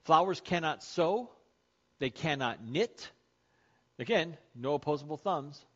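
A man's voice: a little high, expressive, unhurried, fairly bright tone, muffled recording. A man preaching a sermon as pastor to his congregation, conversational and joking with them. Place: church sanctuary.

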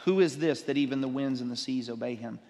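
A man preaching a sermon as a pastor, animated, acting out the people in his story. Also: mid-range voice, quick pace, in a large hall. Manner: animated preaching, acts out disciples' sarcasm.

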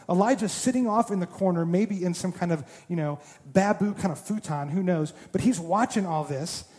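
A man with a high, mellow voice preaches a sermon, retelling the story with lively, acted-out quotes and a bit of humor. His voice carries a long reverb, as though he is in a large church sanctuary. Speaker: pastor.

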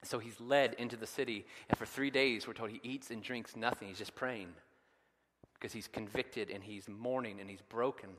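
A man preaching a sermon with a bright, forceful edge to his voice, retelling scripture dramatically and building to loud, emphatic peaks. His voice carries a long reverb, as if filling a big church sanctuary. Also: fairly low pitch, fairly even intonation, normal speed. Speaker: pastor.

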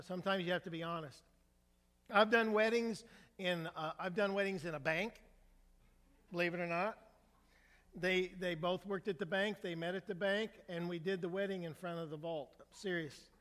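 High-voiced older pastor in an echoey hall. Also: male voice, a bit bright. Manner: conversational storytelling with humor, asks the crowd for a show of hands. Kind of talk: sermon. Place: church sanctuary.

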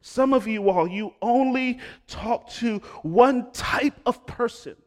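A middle-aged male pastor preaching a sermon, swinging between loud emphatic lines and hushed quiet ones. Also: very high-pitched, slow.

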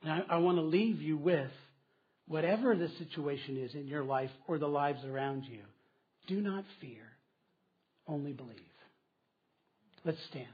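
Husky-voiced man preaching. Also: on the high side, animated, normal speed, long pauses, muffled recording. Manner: questioning, conversational preaching with emphatic repeats. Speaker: pastor. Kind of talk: sermon.

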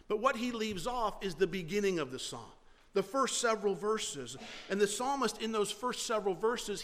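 Man preaching, high voice, earnest conversational sermon, long church-hall reverb. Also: fairly bright tone. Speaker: pastor.

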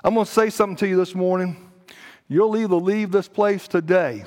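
A middle-aged man, a pastor preaching a sermon, telling a story dramatically and swinging between hushed and loud. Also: sits high, brisk. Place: church sanctuary. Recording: long church hall reverb.

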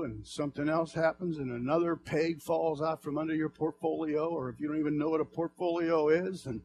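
A male pastor preaching a sermon to his church, swinging from soft murmurs to fervent shouts. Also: fairly high pitch.

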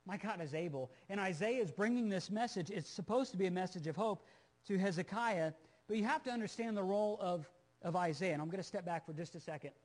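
High-voiced earnest male preacher. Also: fast talker, a little mellow. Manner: earnest, emphatic, repeats phrases when stressing a point; conversational asides to the listeners. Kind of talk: sermon, Bible teaching.

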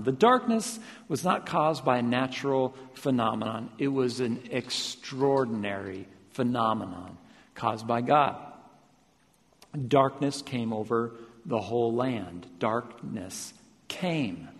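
A man preaching a sermon, repeating phrases with rising emphasis and then dropping to a quiet, slow delivery. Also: medium pitch. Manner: builds to loud emphatic repetitions, then drops soft and slow. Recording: long reverb of a large hall.

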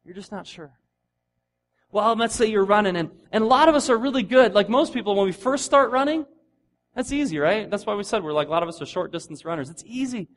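A middle-aged man preaching a sermon in a conversational, animated way, acting out the voices of the people he describes. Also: sits high, quick pace. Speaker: pastor.

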